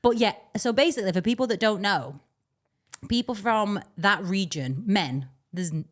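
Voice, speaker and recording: A woman's voice: medium pitch, lively intonation, moderate pace. A young woman, co-hosting a podcast in casual, rambling chat and laughing often. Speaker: podcast co-host.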